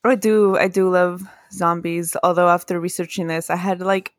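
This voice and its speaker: A woman's voice: lowish voice, normal speed, no echo. A woman co-hosting a casual spooky podcast, telling stories with laughter and acted-out voices. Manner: animated, laughs often, acts out quoted voices. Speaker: podcast co-host. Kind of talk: casual chat, storytelling.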